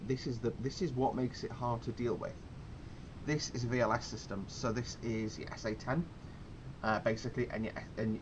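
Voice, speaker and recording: A man's voice: mid-range voice, background noise. Rambling man explaining a naval game. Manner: rambling, explanatory, frequent fillers and restarts. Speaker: gameplay commentator. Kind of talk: casual game commentary.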